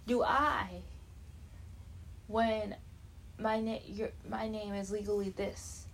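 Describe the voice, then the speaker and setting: A young woman with a French Canadian accent talks slowly through a casual podcast monologue. She rambles and restarts, growing indignant as she goes. A faint hiss of noise sits under her voice. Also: medium pitch, low-quality recording. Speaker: podcast host.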